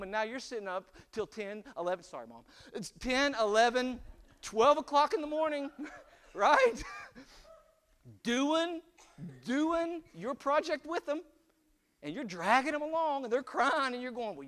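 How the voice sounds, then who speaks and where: A man in his forties delivers a conversational sermon with a high, very lively voice. He talks in a chatty, animated way and often checks in with the congregation with "right?". His pitch swings widely as he tells stories. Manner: animated and chatty, with rhetorical "right?" and frequent laughs. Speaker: pastor.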